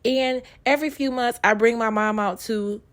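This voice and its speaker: A woman's voice: on the high side, steady tone, normal speed. A woman hosting a casual travel vlog, chatty and teasing, recorded outdoors at a wildlife park on a handheld camera. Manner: chatty, joking, teasing banter. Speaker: travel vlogger.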